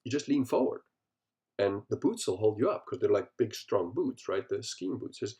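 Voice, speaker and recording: A man's voice: on the low side, big pitch swings, fairly quick, a little mellow. A middle-aged man hosting a solo podcast, talking bluntly and profanely, telling stories and acting out what people said. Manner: profane, blunt, storytelling with acted-out quotes. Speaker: podcast host.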